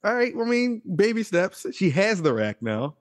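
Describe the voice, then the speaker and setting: A man's voice: high-pitched, very animated, normal speed, no room sound, studio quality. A man in casual chat, listening and adding short replies.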